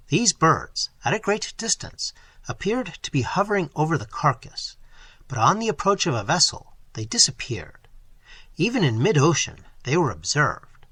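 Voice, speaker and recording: A man reading the part of a kindly, scholarly older professor who lectures gently and teases mildly, in an audiobook. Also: on the high side, breathy edge, no echo, heavily acted. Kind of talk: audiobook character voice.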